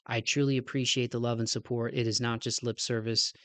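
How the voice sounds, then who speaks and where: A man's voice: medium pitch, little pitch movement, brisk, a bit bright. A man hosting a podcast, a casual outro, with a nasal, stuffed-up voice, a little out of breath, talking in an earnest, rambling way and often adding "man.". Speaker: podcast host.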